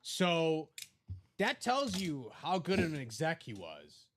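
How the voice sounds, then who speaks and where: A man's voice: fairly high pitch, wildly swooping pitch, slow, fairly bright tone, slight background noise. A man co-hosting a live stream, giving his opinions in casual, conversational sports banter. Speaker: co-host.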